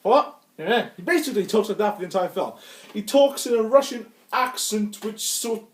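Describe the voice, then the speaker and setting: A young man reviews a film in a casual, joking way, eager to cut in. His voice sits fairly high and reaches the mic from a distance. The whole room echoes around him. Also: fairly quick, slight background noise. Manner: playful and excitable, jumping in with jokes. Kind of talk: casual chat. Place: indoor room.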